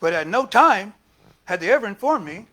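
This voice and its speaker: A man preaching a sermon as minister, lively and talking back and forth with the congregation. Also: high voice, moderate pace. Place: church service.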